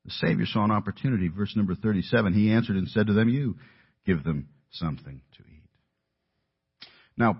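A man's voice: lowish voice, breathy edge. A man preaching an earnest sermon, stressing key points and building to emphatic peaks. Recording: dull lo-fi audio.

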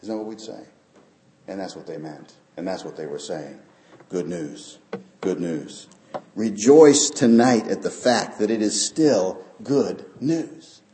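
A male pastor delivers an earnest sermon in a low, mellow voice. He builds his points up to emphatic peaks. The sound rings around an echoey church sanctuary. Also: expressive, unhurried, a little hiss or hum.

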